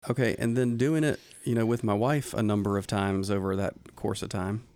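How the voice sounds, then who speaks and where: Low-voiced reflective podcast guest. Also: male voice, fairly even intonation, normal speed, darkish tone, dry recording. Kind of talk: casual faith discussion.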